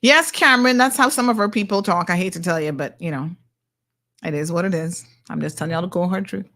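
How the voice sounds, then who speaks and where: A woman's voice: lowish voice, fast talker, fairly bright tone. A middle-aged woman hosting a talk show, blunt and sassy as she reacts to viewer comments.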